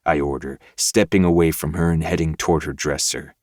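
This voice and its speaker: Brief: very deep male narrator, dry close recording, steady audiobook read. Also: a little fast, no echo. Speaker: podcast host reading a novel aloud. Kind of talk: first-person audiobook narration.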